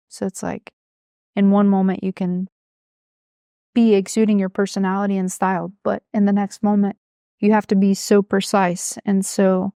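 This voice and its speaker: A woman's voice: mid-range voice, gravelly, mellow, smooth, dry recording, clean studio sound. A woman co-hosting a podcast, chatting casually and explaining her ideas in a reflective way with many fillers. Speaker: podcast co-host. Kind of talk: casual chat.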